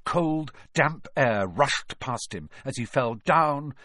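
A man's voice: medium pitch, expressive, takes it slowly, fairly bright tone, no room sound, studio quality. Man narrating a storybook expressively. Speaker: audiobook narrator. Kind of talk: storybook reading.

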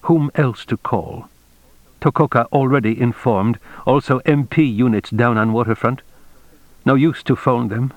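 A man reading a novel aloud as narrator in a measured, steady way. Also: mid-range voice, no room sound, dull audio. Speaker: audiobook narrator. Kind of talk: scripted narration.

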